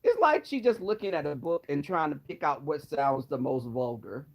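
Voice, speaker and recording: A man with a high voice gives dramatic, sassy commentary. His pitch swoops up and down a lot. His roasts are animated. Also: normal speed, gravelly, low-quality recording. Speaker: vlogger.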